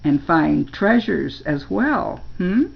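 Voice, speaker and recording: An older woman reading a storybook aloud and voicing a smooth, manipulative male ruler who speaks in a slow, knowing, falsely kind way. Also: fairly low pitch, expressive, lo-fi sound, exaggerated voice.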